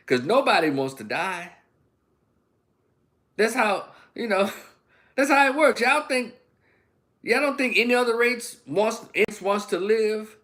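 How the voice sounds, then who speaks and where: This Memphis, USA political commentator has a slightly high, somewhat bright voice as he hosts a livestream monologue. His style is emphatic and sermon-like, packed with rhetorical questions.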